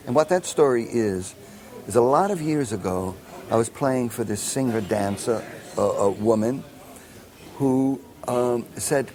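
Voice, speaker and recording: A man's voice: mid-range voice, unhurried. An older man, a composer telling a long anecdote and acting out the people in it, with many fillers and restarts. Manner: animated storyteller acting out quoted dialogue, many fillers and restarts. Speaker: film composer. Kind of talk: anecdotal storytelling in an interview.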